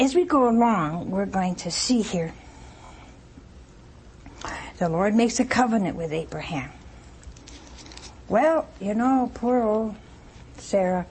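A woman preaching a sermon, retelling a scripture story with lively rhetorical asides to her congregation. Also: medium pitch, a little hiss or hum.

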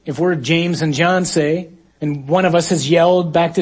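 A man preacher giving a sermon to his congregation, emphatic and dramatic, sometimes acting out shouted exchanges. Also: high-pitched, steady tone, a little fast.

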